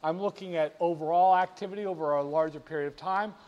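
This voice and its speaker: High-voiced, animated finance instructor man. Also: fast talker, highs cut off. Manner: animated and playful, asks the viewer rhetorical questions. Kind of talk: screen-share lesson on market charts.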